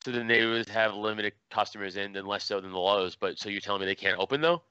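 Profane, animated man hosting a podcast. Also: fairly low pitch, fast, smooth, lo-fi sound. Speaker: podcast host. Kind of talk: casual podcast chat.

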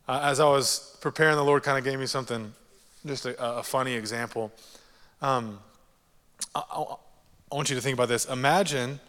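A man preaching a sermon as pastor, animated and jokey, repeating key phrases for emphasis. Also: mid-range voice, moderate pace, long pauses, big-room sound.

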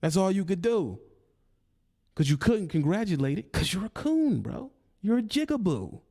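Very animated and high-pitched, with a mellow tone, this online commentator talks at a moderate pace. He targets a rival with a preachy, confrontational monologue, taunting and restating his arguments.

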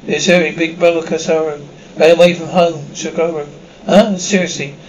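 A man reads a full episode script aloud, sound cues included, in one plain voice that stumbles and restarts now and then. His voice sits a little high for a man. The recording is dull and lo-fi, with a faint hiss. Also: steady tone, moderate pace. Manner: reads every part and the stage directions in one plain voice, with slips and restarts. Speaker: script reader.

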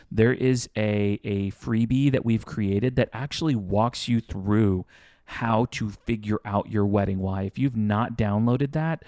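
A man's voice: on the low side, warm tone, dry recording, clean studio sound. A man co-hosting a wedding-planning podcast in casual chat, rambling and correcting himself as he spins hypothetical examples. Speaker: podcast co-host.

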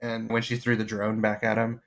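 A man's voice: lowish voice, monotone, moderate pace. A man co-hosting a podcast, talking in a chatty, enthusiastic way. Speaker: podcast co-host. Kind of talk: casual chat.

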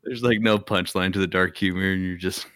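Deep, bright-toned man, dry teasing. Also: steady tone, a little fast, no room sound. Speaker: podcast co-host. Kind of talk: casual chat.

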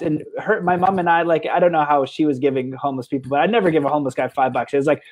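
A man telling a long story on his podcast in a loose, rambling way, doubling back on his words and breaking into laughs. His voice sits a little on the high side for a man. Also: very fast. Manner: rambling, with frequent restarts and fillers; animated, with bursts of laughter. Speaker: podcast host. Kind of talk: casual storytelling in a conversation.

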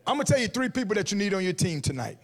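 A man. His voice sits very high and swings widely in pitch. He is animated and comic, and he acts out quotes in different voices. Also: very fast. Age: 40s. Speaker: guest speaker. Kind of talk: energetic sermon. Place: church event hall before an audience.

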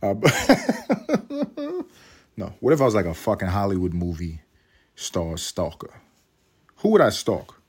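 A man with a lowish, husky voice and huge pitch swings hosts a casual solo podcast, speaking slowly with long pauses. He rambles and swears freely, mocking himself and breaking into bursts of laughter.

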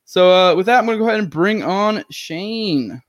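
A man's voice: sits high, moderate pace. A man hosting a casual podcast, rambling and profane, with frequent giggles. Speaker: podcast host.

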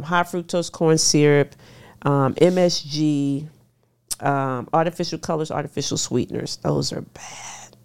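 The speaker is a middle-aged woman with a low, smooth, slightly mellow voice, talking casually as a guest nutrition expert in an interview. She emphasizes what she says by stressing and restating it.

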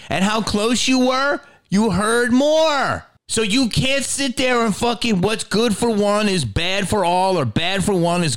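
A middle-aged man delivers a heated solo rant on his podcast, heavy on profanity. His voice sits a bit higher than most men's. He swings from loud, fired-up outbursts to low, muttered grumbling. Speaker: podcast host.

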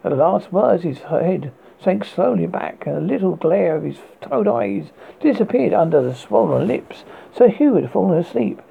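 Gravelly British man reading a ghost story. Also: high voice, animated. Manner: measured, slow narration with stumbles. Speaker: horror podcast host. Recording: tinny phone-like audio.

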